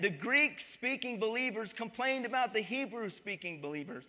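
This pastor's high-pitched voice comes across bright and forceful, carrying a big-room sound in the church sanctuary. Preaching a sermon, he asks the congregation to answer back and repeat his words in call-and-response fashion.

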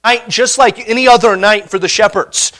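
Man, very high voice, sermon, emphatic, animated preacher. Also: moderate pace. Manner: animated, emphatic, frequent restarts and rhetorical "all right?". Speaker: pastor.

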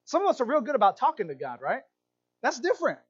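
With a very high, slightly rough voice, a man preaches quickly as a pastor, animating his stories by acting out little voices. The sound quality is lo-fi.

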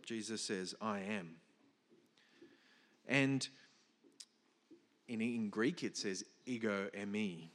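A man's voice: fairly low pitch, slow pace, long pauses, fairly bright tone, in a large hall. A man preaching a sermon, explaining a passage with emphatic stresses, some restarts and fillers. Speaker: pastor.

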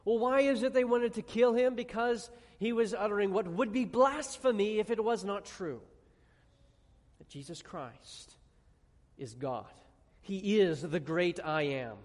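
A man preaching a sermon, emphatic, asking the audience questions and dropping quiet on key words. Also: sits high, unhurried. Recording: long reverb of a large hall.

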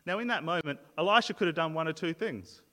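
A male pastor delivers a sermon in a fairly high voice, explaining his points earnestly and often doubling back on words mid-sentence. The sound rings with the long reverb of a large church hall. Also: animated, quick pace, bright, forceful tone. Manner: earnest, explanatory, frequent word repeats and restarts.

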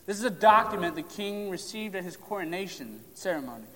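A man preaching a sermon on a psalm, emphatic, pressing hard on key lines and then dropping to a hush. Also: sits high, very animated, brisk. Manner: emphatic, drops to hushed tones for stress. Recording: long hall reverb.

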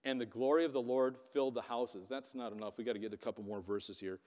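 A man preaching a sermon, retelling scripture as lively storytelling with sarcastic asides. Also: medium pitch, fast talker. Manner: animated storytelling, voicing quotes with sarcasm. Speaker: pastor. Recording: long hall reverb.

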